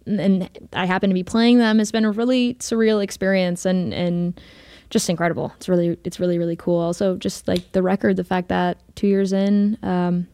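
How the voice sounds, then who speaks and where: A woman's voice: on the low side, fairly even intonation, moderate pace, warm tone, clean tone, no echo. A young woman in her twenties, a band singer chatting casually in a radio interview, laughing often and using plenty of fillers.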